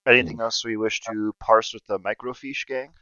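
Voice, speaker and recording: Smooth-voiced man running the game. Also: on the low side, steady tone, normal speed, sharp tone, no echo. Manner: matter-of-fact description, swearing. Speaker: game master. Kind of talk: narrating a tabletop game. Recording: dull lo-fi dry mic.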